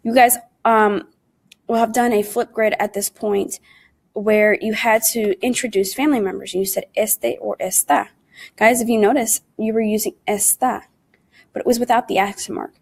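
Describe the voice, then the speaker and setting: A woman's voice: on the high side, steady tone, moderate pace, gravelly. A woman teaching an online Spanish lesson in English. She explains patiently, step by step, mixes in Spanish words and conjugations, and often calls the class "guys".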